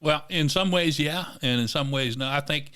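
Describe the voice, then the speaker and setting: A man's voice: fairly high pitch, moderate pace, pushed and bright, clear, resonant tone. A man co-hosting a podcast in casual chat, opinionated, talking in bursts with fillers. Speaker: podcast co-host.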